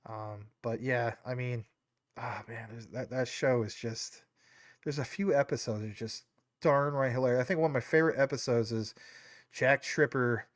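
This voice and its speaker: A man with a mid-range voice hosts a livestream at a normal pace, rambling casually with lots of fillers and tangents. His nose sounds a bit stuffy and he seems a little choked up. The studio recording is clean, with no room sound.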